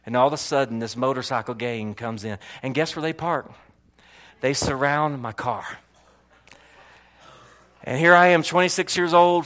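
A male pastor from Florida preaching a sermon and telling a personal story in an animated way, often repeating words and swinging from loud to hushed. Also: medium pitch.

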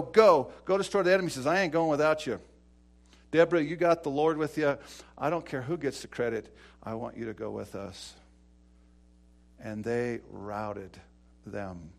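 A middle-aged pastor preaches with a fairly high voice. He tells stories with energy, acting out the dialogue. His delivery swings from loud, raised passages down to hushed, quiet lines. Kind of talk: sermon.

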